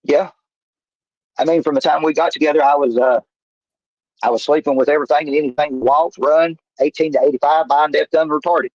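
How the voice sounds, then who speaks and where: A man's voice: a little high, fairly even intonation, brisk, a little mellow, dry recording. A man, rambling in folksy, salesman-like talk as a stream guest. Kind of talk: casual talk. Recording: muffled stream audio.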